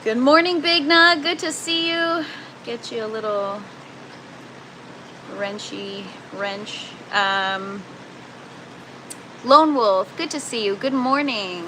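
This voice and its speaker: A woman's voice: fairly high pitch, takes it slowly, long pauses, sharp tone, slight background noise, rough recording. A young woman hosting a casual livestream, chatty and laughing often as she greets viewers by name from an indoor grow tent. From Canada. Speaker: livestream host.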